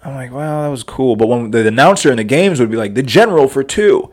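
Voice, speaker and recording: Laughing, animated man telling stories. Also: medium pitch, fast. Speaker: podcast guest. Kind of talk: casual storytelling.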